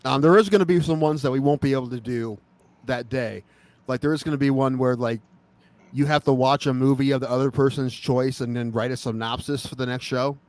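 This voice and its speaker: A man's voice: mid-range voice, fairly quick, darkish tone, no echo. An American man co-hosting a podcast in casual, laid-back chat, often laughing. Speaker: podcast co-host.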